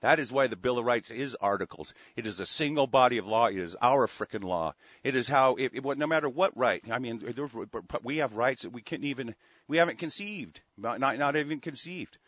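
A man's voice: mid-range voice, expressive, fairly quick, a bit bright, no echo. Furious profane male radio host. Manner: furious, profane, rambling with many restarts. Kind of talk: angry call-in radio rant. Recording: dry, dull lo-fi studio sound.

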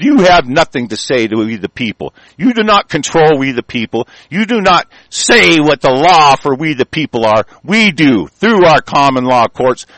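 A man with a fairly high voice launches into a furious, profane rant and breaks into shouts now and then. The sound is dry and close, with no room around him. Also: no echo. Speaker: political ranter. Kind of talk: angry profane monologue.

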